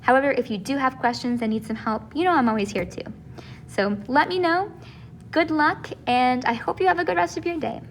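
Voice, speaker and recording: Woman teacher, high voice, patient and encouraging, recorded video lesson, slight background hiss. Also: fairly quick. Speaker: Spanish teacher.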